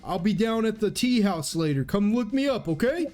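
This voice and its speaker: A man doing a high, booming panda bear man. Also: normal speed, faint music behind. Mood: gleeful. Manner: excited, booming greetings. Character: big jolly male panda bear man, boisterous and affectionate.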